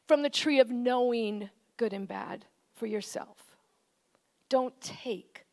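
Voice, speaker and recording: A woman preaching a conversational, animated sermon, often shifting into quoted voices. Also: high-pitched, measured pace.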